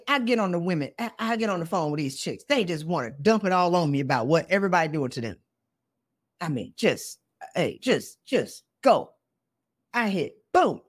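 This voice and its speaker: A woman in her forties hosting a motivational podcast, fiery and blunt, piling up pointed questions and talking straight to the listener in slangy, direct speech. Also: mid-range voice. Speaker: podcast host.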